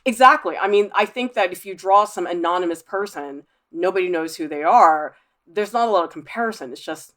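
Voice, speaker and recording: A woman art professor hosting a livestream, reading viewer comments aloud and chatting back in a lively, laughing way. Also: on the low side, a little fast. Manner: chatty, animated, laughs often.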